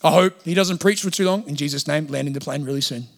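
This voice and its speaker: A pastor preaches a sermon in a church hall, talking earnestly and conversationally and acting out quotes. His voice is fairly high, and he talks fast.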